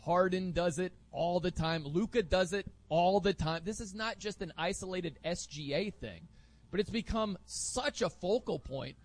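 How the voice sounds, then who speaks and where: A man hosting sports talk radio in an energetic, emphatic, opinionated way from a studio. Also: high voice, normal speed.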